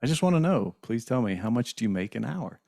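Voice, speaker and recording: A man reading out the lines of a little boy who gently pleads with his father. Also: medium pitch, sing-song, fast, vocal fry, no room sound, studio quality. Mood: pleading.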